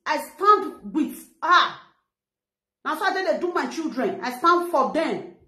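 Animated middle-aged woman with Nigerian Pidgin accent. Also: high voice, measured pace, echoey room. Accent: Nigerian Pidgin English. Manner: animated, ranting, retells what others said. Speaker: vlogger on a live video. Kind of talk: casual live-stream talk.

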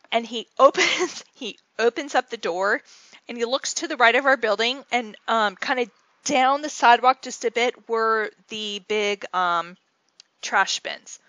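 Chatty woman with a dry, higher voice. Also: pushed and bright, no echo. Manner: chatty, rambling, with many fillers and restarts. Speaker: scrapbooking channel host. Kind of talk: casual storytelling and craft tutorial.

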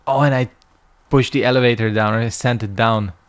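A man's voice: mid-range voice, fairly even intonation, brisk. A young man casually commenting on a game he is playing, muttering to himself and swearing. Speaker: gaming streamer.

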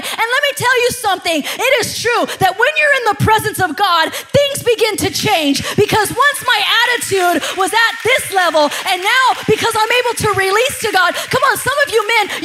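A woman in her thirties preaches with a very high voice. Her tone is bright and forceful. She keeps it conversational and animated, with frequent laughs. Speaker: pastor. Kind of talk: sermon.

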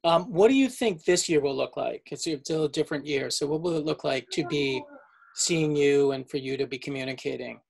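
A man, a teacher, interviewing a colleague in a relaxed, casual way with lots of fillers. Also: on the high side, brisk, creaky, slight background noise.

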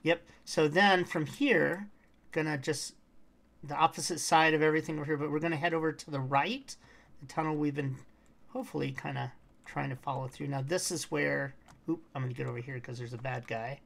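A woman's voice: deep voice, steady tone, fairly quick, vocal fry. A woman streaming a game walkthrough, chatting casually to her viewers and her in-game pet, sometimes humming or singing snatches. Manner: chatty, talks to her pet and chat, hums and sings snatches.

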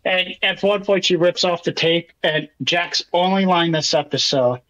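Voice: medium pitch, moderate pace, fairly bright tone, dull audio. A podcast co-host recapping a show in casual chat, with profane play-by-play and acted-out asides.

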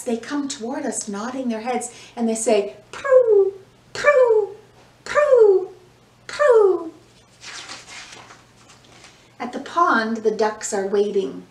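A woman reading a picture book aloud to young children, slow and gentle, acting out the sounds, then leading breathing and movement. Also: fairly high pitch. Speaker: children's yoga and mindfulness teacher. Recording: echoey room, mic at a distance, soft music.

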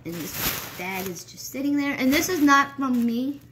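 A woman's voice: sits high, expressive, normal speed. A young woman vlogging casually at home while cleaning a rabbit cage, rambling and playfully scolding her pets. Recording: loud background noise.

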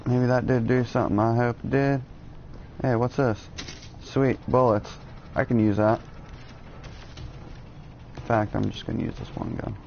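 A man's voice: medium pitch, fairly even intonation, a little slow, gravelly, long pauses, darkish tone, dull audio, a little hiss or hum. A man giving jokey, rambling commentary while playing a video game, cursing often and drifting into absurd tangents. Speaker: let's play gamer.

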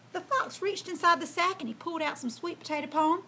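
A woman hosting a storytime, reading a children's tale aloud in a folksy, lively way. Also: very high-pitched, fairly quick, a little hiss or hum. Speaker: storyteller host.

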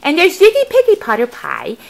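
A woman's voice: high-pitched, wildly swooping pitch, a little fast, creaky. A woman showing her guinea pigs in a casual home video at home, talking in cooing baby talk to her pets, filmed on a handheld camera. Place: indoors at home.

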